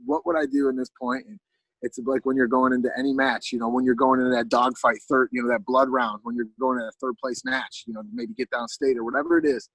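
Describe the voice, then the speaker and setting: Gravelly, husky-voiced man telling stories. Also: mid-range voice, quick pace, no room sound, poor audio. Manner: animated, keeps asking "you know what I mean". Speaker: guest, pro fighter. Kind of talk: casual storytelling interview.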